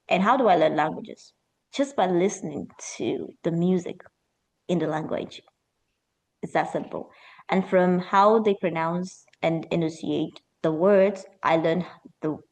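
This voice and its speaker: A woman leads a pronunciation lesson as an accent coach. She speaks with lively energy and stretches key words out slowly to stress them. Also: on the low side. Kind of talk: teaching an online pronunciation lesson.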